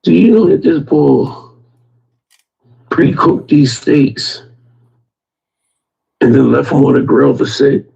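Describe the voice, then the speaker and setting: A man telling a story slowly in a casual chat. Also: medium pitch, gravelly, darkish tone. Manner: slow, drawn-out storytelling with laughs. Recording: dull lo-fi sound.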